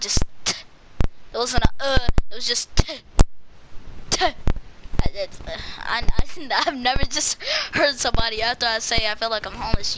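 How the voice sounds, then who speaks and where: A woman live streaming, chatting casually with viewers in a silly, giggly, rambling way. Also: on the high side. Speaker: livestreamer. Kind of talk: casual livestream chat reacting to viewers. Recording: noisy with mouse clicks.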